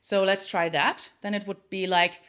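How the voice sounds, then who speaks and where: A woman vocal coach teaching a singing lesson. She explains in plain terms and then belts short phrases loud and high. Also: fairly even intonation, moderate pace, clear, resonant tone. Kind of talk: singing lesson with sung demonstrations.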